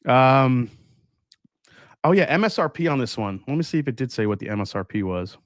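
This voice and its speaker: A man's voice: mid-range voice, animated, a little fast, dry recording, clean studio sound. A man hosting a live stream, chatting casually, reading viewer comments and tasting, with many fillers and restarts. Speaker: livestream host tasting whiskey.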